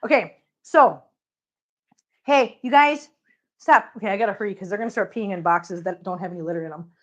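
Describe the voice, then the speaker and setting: A woman's voice: on the low side, racing, lo-fi sound. A middle-aged woman chatting casually to her cats and her livestream viewers while she cleans, a bit out of breath. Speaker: cat channel vlogger.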